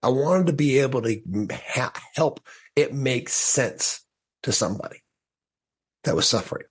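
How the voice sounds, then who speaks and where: A man guest on a podcast telling a candid personal story in an animated way, acting out his own past thoughts with restarts and quick laughs. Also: medium pitch, husky.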